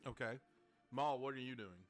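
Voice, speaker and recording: A man's voice: medium pitch, moderate pace, faint music behind. A man narrating as game master of a tabletop game, rambling and correcting himself.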